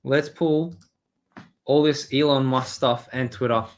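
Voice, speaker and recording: A man's voice: mid-range voice, fairly even intonation, a little slow. Profane man streaming live. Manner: rambling, profane, talks to chat. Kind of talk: casual live-stream commentary.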